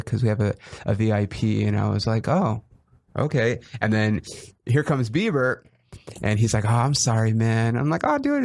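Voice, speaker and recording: A young man hosting a casual podcast, a comedian telling animated stories and acting out quotes with laughter. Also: fairly low pitch, creaky, no room sound. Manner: animated storytelling, acts out quotes, laughs often. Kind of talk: casual chat.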